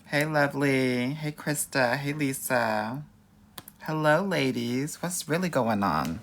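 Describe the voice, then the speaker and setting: A man's voice: mid-range voice, expressive, takes it slowly, a bit bright. A young adult man coaching on dating in a live-stream Q&A, sassy and campy, talking with a Valley Girl lilt and calling viewers girl and honey. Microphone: phone or webcam mic for a live stream.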